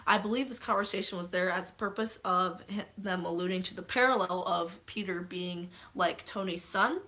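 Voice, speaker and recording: A young woman vlogging in casual chat, excitable and rambling, with frequent swearing. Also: fairly low pitch, normal speed.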